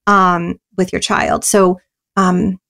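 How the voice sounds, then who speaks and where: A woman guest in an interview, explaining parenting ideas earnestly and often pausing with "you know" and "um". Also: fairly low pitch, flat delivery, vocal fry, fairly bright tone. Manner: earnest and explanatory, many you-knows and ums. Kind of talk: interview answers.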